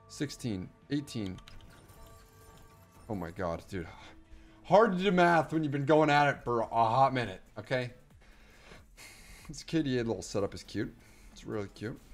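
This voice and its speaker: A man giving excited, rambling live commentary over his game stream, breathless and repeating himself. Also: mid-range voice, creaky.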